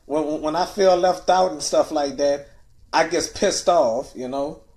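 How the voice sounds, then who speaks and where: Upset New man, slightly high voice, stammering livestream ramble, trailing "you know?". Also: a little slow. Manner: stammers, repeating words several times; ends phrases with a soft, trailing "you know?". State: upset and near tears. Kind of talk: rambling personal livestream monologue.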